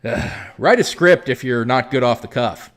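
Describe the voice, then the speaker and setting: A man's voice: mid-range voice, expressive, normal speed, a bit bright. A man hosting a commentary video, responding to a clip in a sarcastic, exasperated, lecturing way.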